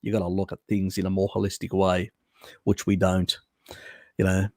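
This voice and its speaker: A man's voice: low voice, monotone, normal speed, warm tone, dry recording, studio quality. A man hosting a live stream, answering viewer questions in a blunt, rambling way with many fillers and restarts. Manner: blunt, casual, swears. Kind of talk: unscripted live Q&A.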